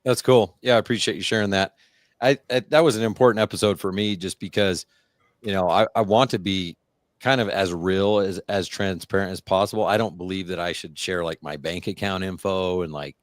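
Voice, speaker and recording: Male podcast host, deep voice, dry sound, candid, halting delivery. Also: no room sound. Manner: candid, halting with repeated words. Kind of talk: casual chat.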